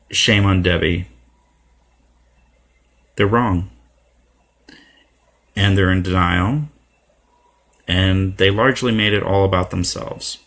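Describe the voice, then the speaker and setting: A man's voice: sits low, creaky, fairly bright tone. A man giving an impassioned, profane political monologue to his viewers, getting irate, with many fillers and repetitions. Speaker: video blogger.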